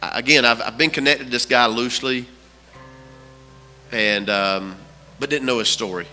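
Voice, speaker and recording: Bright-voiced pastor preaching in a reverberant church. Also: male voice, medium pitch, moderate pace, soft background music. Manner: storytelling, repeats phrases for emphasis. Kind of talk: sermon. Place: church sanctuary.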